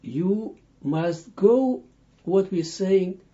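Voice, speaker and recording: Slow, dark-voiced man teaching haltingly. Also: high voice, animated. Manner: halting, searching for words with many restarts. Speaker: Kabbalah teacher. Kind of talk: unscripted audio lesson. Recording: dull lo-fi audio.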